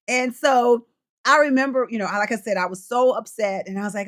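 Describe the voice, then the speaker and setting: A woman's voice: on the high side, normal speed. A middle-aged woman coaching and hosting a casual livestream, chatting freely, reading out viewer comments and laughing often.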